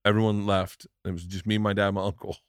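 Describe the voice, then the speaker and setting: A man hosting a podcast, telling stories in a loose, animated way and swearing freely. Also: fairly low pitch, fast talker, no room sound, studio quality. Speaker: podcast host. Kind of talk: casual conversation.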